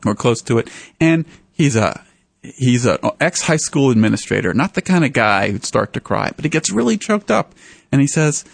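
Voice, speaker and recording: A man, an author, telling stories in an interview in an animated way. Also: moderate pace, vocal fry, slightly rough, no room sound. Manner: animated, voices the people in his stories with raised pitch. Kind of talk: storytelling in a radio interview.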